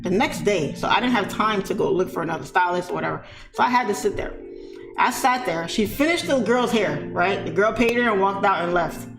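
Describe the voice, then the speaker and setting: A woman telling a story in a casual, animated way, speaking straight to her viewers. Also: medium pitch, fairly quick. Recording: echoey room with faint music.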